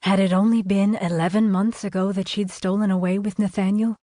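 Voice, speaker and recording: A woman's voice: medium pitch, no room sound. Woman narrating an audiobook, dry close sound. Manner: measured, expressive storytelling.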